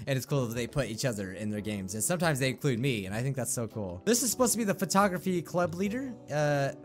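A man giving excitable gameplay commentary, laughing often and chatting to the characters on screen. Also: mid-range voice, fast talker, soft background music. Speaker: gaming video creator.

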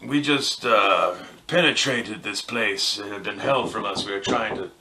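A man's voice: fairly low pitch, a little slow, pushed and bright, slight background noise, poor audio. Man voicing a tall imperious female orc leader. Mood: brisk.

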